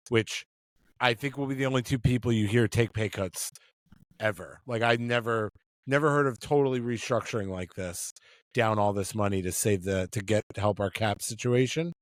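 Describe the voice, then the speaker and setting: Guy cohosting a sports podcast, jokey, rambly, mid pitch, dry close sound. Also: no echo. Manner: joking, rambling with restarts. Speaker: podcast co-host. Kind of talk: casual sports chat. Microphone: remote call mic.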